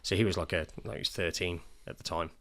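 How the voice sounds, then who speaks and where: A man co-hosting a podcast, telling parenting stories in a lively way and acting out the voices of the people he quotes. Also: deep voice, fast talker. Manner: animated storyteller, acts out quoted voices. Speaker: podcast co-host. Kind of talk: casual podcast chat.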